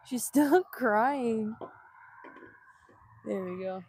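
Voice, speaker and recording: Brief: upbeat woman live-streaming outdoors on a phone, slightly high voice, close and dry, talks excitedly and laughs often. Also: drawn-out words, long pauses, slightly rough, no room sound. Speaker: vanlife vlogger. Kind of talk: casual live-stream chat. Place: outdoors in Hawaii.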